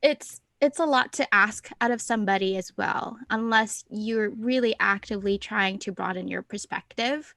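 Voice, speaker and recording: A woman co-hosts a casual podcast, talking in an animated, thinking-aloud way. Her voice sits in the middle of the range. The sound is dry and close, with no room echo. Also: medium pitch, normal speed, creaky, few pauses. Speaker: podcast co-host. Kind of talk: casual chat.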